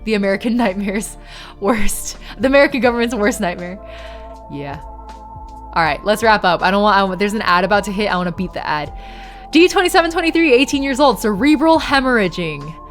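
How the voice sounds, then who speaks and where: A young woman streamer reads documents aloud flatly and chats with her viewers, turning tearful and giggly. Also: medium pitch, fairly quick, faint music behind. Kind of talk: live-stream reading and chat.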